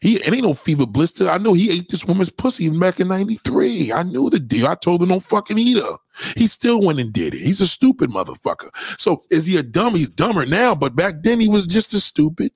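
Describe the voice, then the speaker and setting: In a high-pitched, husky voice, a man rattles off a comedic rant to camera at a brisk clip with few pauses. His stories are packed with swearing and street slang, and he animatedly acts out quoted voices. The studio sound is clean, with no echo.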